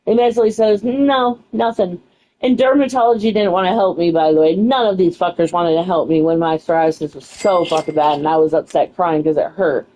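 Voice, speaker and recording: A woman's voice: on the low side, steady tone, quick pace, hardly any pauses, dark tone, rough recording. A young woman telling a story in a casual, frustrated way, swearing freely and saying "you know" a lot. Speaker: streamer.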